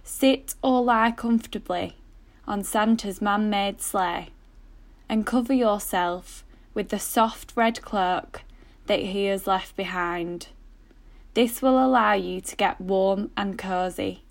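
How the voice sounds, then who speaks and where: A man's voice: high voice, vocal fry, pitched above the performer's own voice, heavily acted. A man doing a soothing tannoy announcer woman. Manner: slow, hypnotic, meditation-like delivery. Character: calm, soothing female store announcer.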